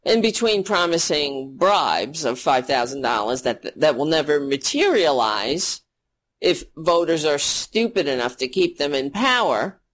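A woman's voice: deep voice, expressive, unhurried. A woman hosting a political commentary show, ranting in a sarcastic, profane and rambling way.

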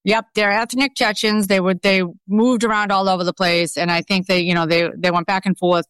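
Middle-aged Boston woman, interview guest; smooth, resonant, pointed and skeptical. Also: medium pitch, level tone, fairly quick, a bit bright, no room sound. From Boston, USA. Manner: emphatic, skeptical, conversational with fillers. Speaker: guest journalist. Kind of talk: podcast interview.

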